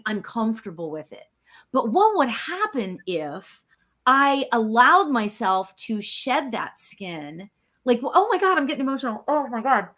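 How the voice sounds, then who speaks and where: Woman medium, candid and expressive, higher voice with a lot of movement. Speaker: psychic medium. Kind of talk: podcast panel conversation.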